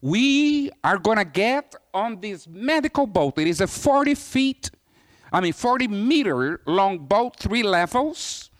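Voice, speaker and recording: A man's voice: high voice, measured pace. A man from Brazil preaching as a missionary, telling stories and acting out the voices of people in them. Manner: animated storyteller, acts out quoted voices. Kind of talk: sermon storytelling.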